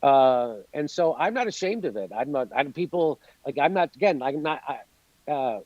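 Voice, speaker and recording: A man's voice: a little high, expressive, moderate pace, no room sound, dull audio. A man in an interview, ranting in a sarcastic, profane, worked-up way. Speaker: guest comedian. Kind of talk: animated interview rant.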